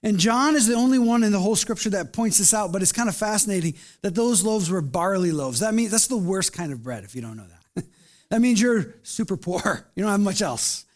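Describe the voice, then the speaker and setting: A man preaching to his congregation with earnest, pleading warmth and a slightly higher-than-usual voice. He often sinks into soft, hushed tones when he speaks as if from God or prays. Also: animated, a little fast. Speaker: pastor. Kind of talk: sermon and closing prayer. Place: church service.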